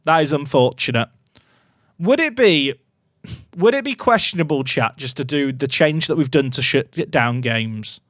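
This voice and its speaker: A streamer narrates his football management game to chat, his fairly high voice leaping between hushed nervous muttering and excited shouts. The sound is dry and close, with no room around it. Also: moderate pace, dry recording. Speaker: gaming streamer. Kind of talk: live game commentary to chat.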